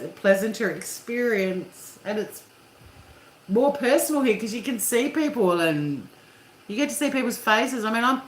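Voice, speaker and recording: A woman hosting a casual live chat with viewers, talking candidly and swearing freely. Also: mid-range voice. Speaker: livestream host. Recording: echoey room with faint hum.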